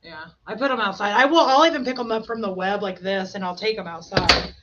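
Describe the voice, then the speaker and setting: A woman in her thirties hosting a podcast, chatting casually and telling animated stories with voiced quotes. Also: medium pitch, a little fast, very noisy. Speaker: podcast host. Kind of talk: casual chat. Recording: dull lo-fi sound.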